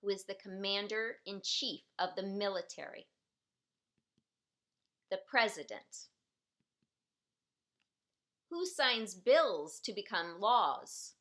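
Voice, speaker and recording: A woman's voice: mid-range voice, animated, takes it slowly, pauses often, a bit bright. A woman teaching a citizenship preparation class, patiently repeating each question and sentence so learners can follow. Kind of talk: slow, clearly enunciated teaching.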